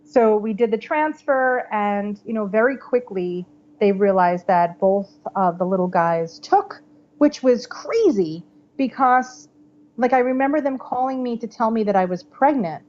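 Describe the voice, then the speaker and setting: A woman's voice: a little high, measured pace, slight background noise. Chatty woman, slightly dull audio. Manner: chatty, animated, lots of "like" and "you know" fillers. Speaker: podcast guest telling her birth story. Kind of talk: casual storytelling interview.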